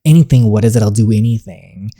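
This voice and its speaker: A woman voicing a frustrated, sharp-tongued teenage princess in a story game, reading the lines plainly. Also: a bass voice, quick pace, no room sound, studio quality. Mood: defiant. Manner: reads the lines plainly while playing.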